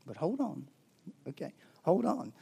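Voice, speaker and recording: A man preaching a sermon in a conversational way, rising to loud emphasis and dropping to a near-whisper. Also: a little high, huge pitch swings, measured pace, vocal fry, breathy edge. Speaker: pastor.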